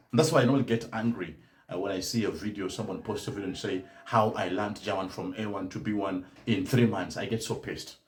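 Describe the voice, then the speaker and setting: A man's voice: lowish voice, a little mellow, reverberant. A man teaching German learners in a live-stream talk, speaking emphatically and often adding "right?" to his points. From Kenya. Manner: emphatic, tags statements with "right?".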